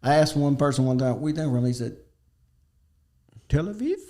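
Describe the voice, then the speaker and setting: A man's voice: medium pitch, steady tone, rapid-fire, dark tone. A man with an East Texas accent hosting a podcast, telling stories in a joking way with frequent laughs and restarts. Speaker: podcast host. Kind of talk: casual chat.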